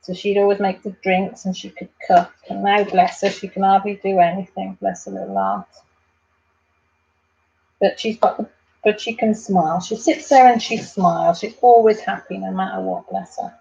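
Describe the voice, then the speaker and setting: A woman's voice: mid-range voice, fairly even intonation, normal speed, creaky, dull audio. A Welsh woman chatting casually to viewers on a live stream at home, addressing them by name and rambling on. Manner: chatty, warm-hearted, talks to viewers by name. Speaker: vlogger.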